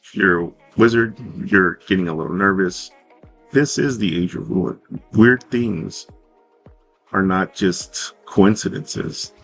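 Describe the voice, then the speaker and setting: A man narrating a tabletop game as game master, in a relaxed, rambling way with fillers and self-corrections. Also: deep voice, slow, creaky, faint music behind.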